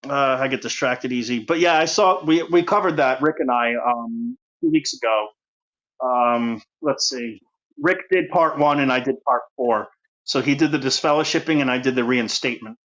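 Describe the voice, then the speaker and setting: A man's voice: medium pitch, moderate pace, a bit bright. A man with a Rhode Island accent hosting a call-in livestream, chatty and easily distracted, full of fillers and restarts, talking over a speakerphone. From Rhode Island, USA. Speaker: host. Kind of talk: casual call-in livestream chat. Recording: dull lo-fi speakerphone audio.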